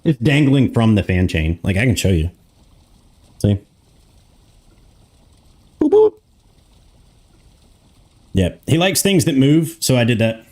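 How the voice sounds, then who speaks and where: A man's voice: mid-range voice, very animated, moderate pace, a little mellow. A young man live streaming from a room in his home, chatting casually, grumbling to himself and swearing often.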